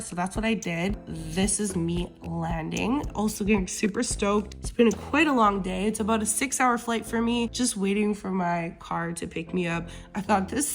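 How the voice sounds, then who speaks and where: Tired but bubbly young woman vlogger. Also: mid-range voice. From Canada. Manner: bubbly, chatty, excitable. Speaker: beauty vlogger. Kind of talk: casual travel vlog.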